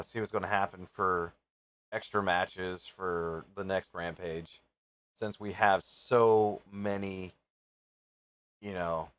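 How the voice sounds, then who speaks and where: A man hosting a live reaction stream, chatting casually and thinking out loud with offhand, rambling asides. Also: fairly low pitch, smooth, no echo. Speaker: live reaction show host.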